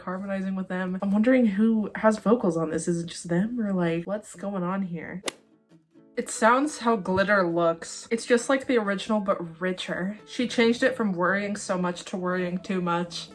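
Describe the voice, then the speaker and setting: A woman in her thirties reacting to an album, chatty and gushing, with lots of fillers. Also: medium pitch. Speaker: music reaction vlogger. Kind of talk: casual album reaction commentary.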